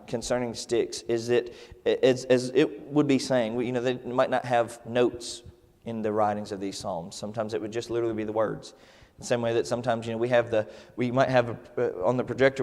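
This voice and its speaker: A man's voice: mid-range voice, darkish tone, long reverb tail. A man teaching a Sunday Bible class in a casual, conversational way, with many fillers and restarts. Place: church classroom.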